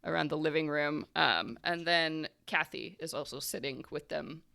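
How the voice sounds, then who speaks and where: A woman's voice: deep voice, normal speed, creaky, sharp tone. A woman narrating a tabletop game as game master, in a loose, rambling way full of fillers.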